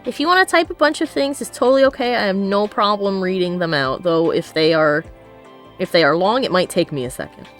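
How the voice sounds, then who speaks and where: Woman from the US, casual streamer, giggly, reads chat aloud, medium pitch, faint music behind. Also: lively intonation, brisk, fairly bright tone. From United States. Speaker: streamer host reading chat.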